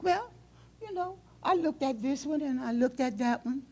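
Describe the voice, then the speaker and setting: A woman pastor preaching a sermon in a church, swinging between loud emotional outbursts and hushed, low passages. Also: animated, normal speed.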